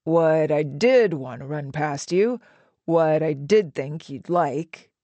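A woman's voice: deep voice, lively intonation, slow pace, mellow, no room sound, lo-fi sound. A woman voicing a nervous, flustered middle-aged man in an audiobook reading. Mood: uneasy. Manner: hesitant, fidgety. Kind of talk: audiobook narration.

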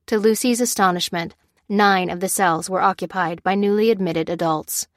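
A woman reads a chapter of a novel aloud as an audiobook narrator, her medium-pitched delivery measured and steady. It's scripted narration in studio quality, free of echo.

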